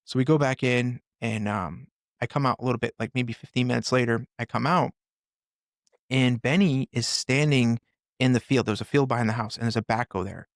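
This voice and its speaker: An earnest middle-aged man tells his story in a gravelly voice, stopping and starting as he goes. He sits close to the mic, with a dry sound. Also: mid-range voice, no echo. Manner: earnest, halting, with many restarts. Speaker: podcast guest, firefighter and author. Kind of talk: storytelling in a conversation.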